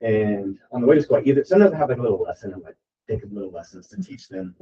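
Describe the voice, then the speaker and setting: A man of middling pitch talks to his team from some way off the microphone, loose and chatty, circling back with "like" as he urges them on. The sound is dull and lo-fi, with the room around him clearly audible. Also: big pitch swings, very fast, dark tone. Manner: casual, rambling, peppered with "like". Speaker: real estate team leader. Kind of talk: motivational talk at a team meeting. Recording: distant, dull lo-fi room recording.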